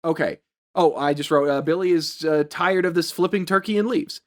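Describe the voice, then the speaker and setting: A man's voice: on the high side, normal speed. A man co-hosting a podcast, recapping a film's plot in casual chat and slipping into silly voices for the quotes. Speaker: podcast co-host recapping a film.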